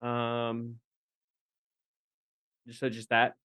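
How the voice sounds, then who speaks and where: A man's voice: mid-range voice, monotone, very slow, fairly bright tone, clear, resonant tone. A man playing in a tabletop game, chatting casually and laughing often. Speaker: player.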